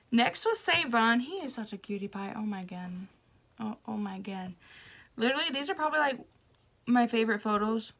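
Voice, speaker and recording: A young woman vlogger, casually telling a story to camera in a gushing, excitable way, laughing and breaking off mid-sentence. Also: fairly high pitch.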